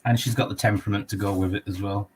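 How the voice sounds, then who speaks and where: A man's voice: lowish voice, fairly even intonation, racing, a little hiss or hum. Spraakzame Australische man, lichte ruis. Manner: chatty, swears, repeats "trust me" and "you know what I mean". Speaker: co-host. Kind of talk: casual livestream chat.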